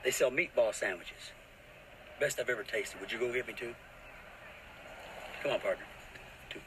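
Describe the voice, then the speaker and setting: A man's voice: mid-range voice, normal speed, fairly bright tone, a little hiss or hum, natural voice, poor audio. An actor playing a blunt, hungry veteran male FBI agent, pushing for food in insistent film dialogue. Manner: pushy, insistent.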